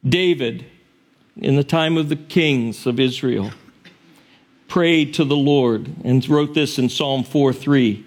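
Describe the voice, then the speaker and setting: A male pastor preaching a sermon in an earnest, expressive storytelling manner, sometimes correcting himself mid-word. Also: medium pitch, slow.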